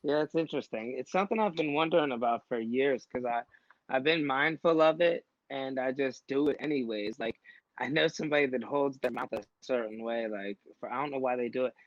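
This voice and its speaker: A man's voice: mid-range voice, fairly quick, no room sound. A man co-hosting a casual chat, telling stories in a laid-back way. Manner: laid-back, storytelling, laughs easily. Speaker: podcast co-host. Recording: dull lo-fi sound.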